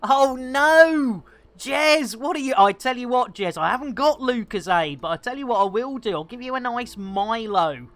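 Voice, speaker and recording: A woman's voice: on the high side, expressive, normal speed, no room sound. A woman chatting playfully and giggling with viewers on a live game stream, speaking into a headset.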